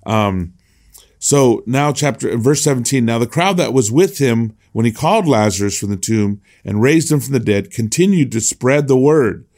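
A man's voice: medium pitch, animated, moderate pace, a little mellow. Chatty man teaching a Bible class. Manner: conversational, restarts often, reads scripture aloud.

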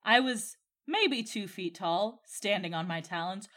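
A woman's voice: mid-range voice, lively intonation, a little slow, a bit bright. A woman co-hosting a casual book podcast, with sardonic, exasperated commentary. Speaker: podcast co-host.

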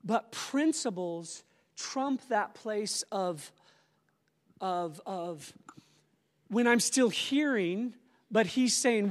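A man preaching a sermon at a church conference, animated, rising to loud exclamations and dropping to soft reflective asides. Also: high voice, drawn-out words, long pauses. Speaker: conference speaker. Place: church auditorium. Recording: live in a large hall with long reverb.

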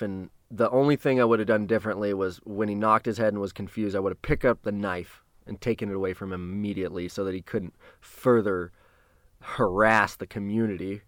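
A man telling a personal story in a casual, profane way, halting and restarting, with sudden louder bursts. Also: fairly low pitch, no echo, studio quality.

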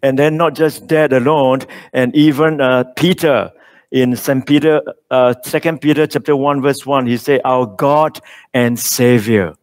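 A man preaching a sermon, reading scripture slowly and with emphasis, with small slips in his phrasing. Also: medium pitch, steady tone.

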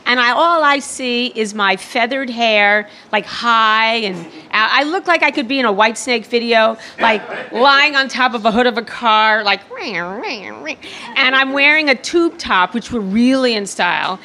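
A woman's voice: fairly high pitch, normal speed, few pauses, pushed and bright, a little hiss or hum. A woman from New York City telling a funny true story in a self-deprecating, profane way. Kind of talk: comic true-story monologue.

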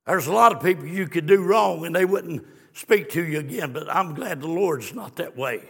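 A man preaching a fiery sermon, swinging from hushed storytelling to shouted exclamations. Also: fairly high pitch, normal speed, gravelly, breathy edge. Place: church sanctuary. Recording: long church reverb.

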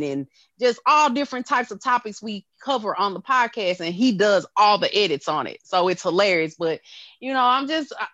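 A woman's voice: mid-range voice, fairly bright tone, dry recording, highs cut off. A woman in her thirties hosting a podcast, talking casually and candidly with lots of fillers and frequent laughter. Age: 30s. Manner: candid and loose, often breaking into laughter; drawn-out pauses and filler-heavy phrasing. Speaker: podcast host.

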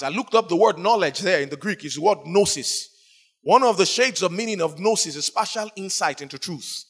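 Storytelling preacher with a higher male voice. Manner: storytelling preacher, voicing quoted speakers, sudden emphatic rises. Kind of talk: sermon.

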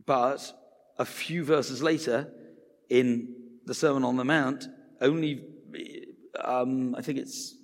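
A man's voice: mid-range voice, steady tone, slow, long pauses. A man preaching a sermon in a conversational way, acting out the voices he quotes. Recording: reverberant hall.

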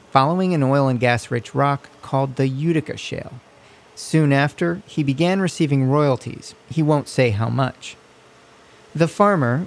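A man reporting a radio news feature in a measured, scripted narration, recorded at a studio mic. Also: mid-range voice, gravelly, darkish tone, no echo.

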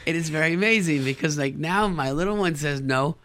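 A man, a therapist, giving parenting advice in a lively advice talk, acting out incredulous reactions and using Yiddish words. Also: fairly quick. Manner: animated, acts out incredulous reactions with sudden jumps in pitch. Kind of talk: advice talk answering listener questions.

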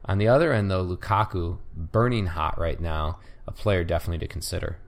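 A man's voice: low-pitched, brisk. A man co-hosting a casual sports podcast, rambling and hesitant with many fillers. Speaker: podcast co-host.

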